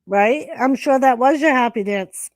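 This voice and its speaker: A woman's voice: high-pitched, normal speed, no echo, studio quality. A woman hosting a casual livestream chat, crude and teasing, laughing often. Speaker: livestream host.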